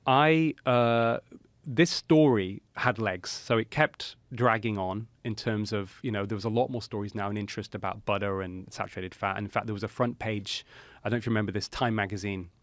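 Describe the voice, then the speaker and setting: A middle-aged man, a cardiologist guest on a podcast, tells a story in an animated way, with many "you know" fillers. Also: fairly low pitch, a little fast, no echo.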